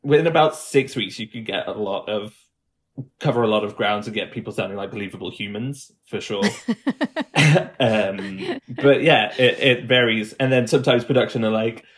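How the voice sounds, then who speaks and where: Man, fairly low pitch, guest coach, casual explaining, demonstrating sounds. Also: moderate pace. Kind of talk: casual podcast chat.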